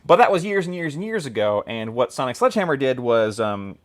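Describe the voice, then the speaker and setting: Jokey rambling man, lively pitch. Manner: jokey, rambling, laughs at own jokes. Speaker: hobby streamer painting miniatures. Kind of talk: casual chat while painting.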